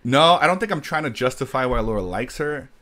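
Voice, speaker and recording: A man hosting a casual podcast, telling a story in a rambling, animated way. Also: medium pitch, brisk. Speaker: podcast host. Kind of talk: casual chat.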